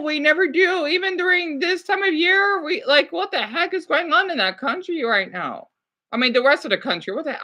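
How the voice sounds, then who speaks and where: A woman's voice: on the high side, sharp tone. A woman vlogger chatting casually as she reacts to a news clip, talking to herself with frequent exclamations. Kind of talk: casual chat.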